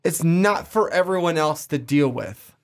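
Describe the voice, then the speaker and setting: A man's voice: on the high side, lively intonation, a little slow. A young man with a Chicago accent, co-hosting a casual podcast chat and making his points emphatically, with the odd swear. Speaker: podcast co-host.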